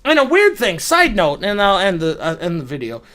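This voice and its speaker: A man's voice: sits high, huge pitch swings, fairly quick, bright, forceful tone. A young man telling a rambling, profane, self-mocking story straight to his viewers. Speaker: video creator. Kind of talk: casual storytelling monologue.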